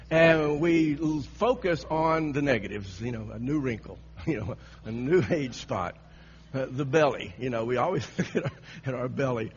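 A man's voice: medium pitch, normal speed. A man preaching a sermon, telling a story with frequent laughter and repeated phrases, on a dull lo-fi recording with a faint hum.

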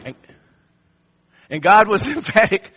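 A man's voice: high-pitched, big pitch swings, unhurried, a bit bright, slightly rough, muffled recording. A man preaching a sermon in an emphatic way, often repeating and restarting his phrases.

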